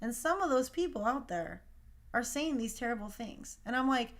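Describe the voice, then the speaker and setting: Passionate young woman going off on a casual talk show rant, kinda high voice. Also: animated, moderate pace. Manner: impassioned, emphatic. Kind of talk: casual monologue.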